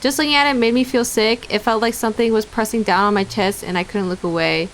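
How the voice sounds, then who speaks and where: A woman's voice: a little high, steady tone, fast, a bit bright, a little hiss or hum. A young woman streamer reading visual novel narration aloud, breaking off into giggly casual asides to chat.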